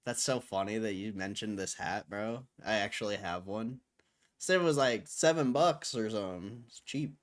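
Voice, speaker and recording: A young man hosting a livestream and answering his chat in a relaxed, slangy way. He fills his talk with easygoing fillers and loose asides. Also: fairly low pitch, moderate pace. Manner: laid-back, slangy, full of "like" fillers. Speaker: livestream host. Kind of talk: casual chat reading viewer comments.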